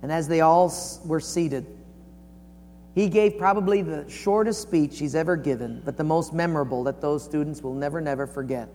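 A man delivers a sermon as a lively storyteller, swinging his pitch and volume to act out the people in his story. His voice sits a little high. It rings with the long reverb of a large hall, and a faint hum runs underneath. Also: moderate pace. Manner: folksy storyteller, acts out quotes with big swings in pitch and volume. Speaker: pastor.

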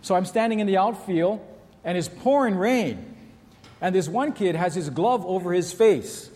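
A middle-aged pastor preaches a sermon in a church, animatedly telling stories and acting out the people in them, including shouts and kids' voices. His voice is high-pitched and his pace moderate, heard in a large hall.

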